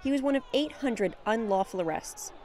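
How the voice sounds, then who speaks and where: A woman host delivering scripted narration for a news feature, crisp and punchy. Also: fairly high pitch, animated, moderate pace, dark tone, some chatter behind, slight background noise.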